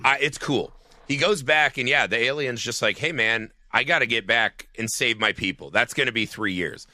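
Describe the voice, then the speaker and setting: A man with a very bright, forceful voice co-hosts a casual film podcast. He recounts scenes with swearing and animated energy. The sound is close and dry. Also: medium pitch, normal speed, dry recording. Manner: profane, animated scene retelling. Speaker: podcast co-host.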